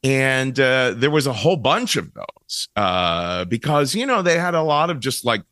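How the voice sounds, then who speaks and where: A middle-aged man from Ohio tells animated stories as a guest in a casual interview and laughs often. His voice is bright and forceful, at a medium pitch. The sound is close and dry. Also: normal speed, no echo. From Cincinnati, Ohio, USA.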